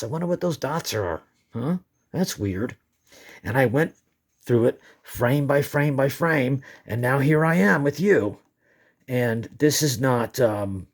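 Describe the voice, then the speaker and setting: A man of medium pitch talks casually over his own footage. He rambles and restarts his sentences, and he keeps breaking into giggles as he goes. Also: darkish tone. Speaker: amateur moon filmer. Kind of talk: casual excited commentary.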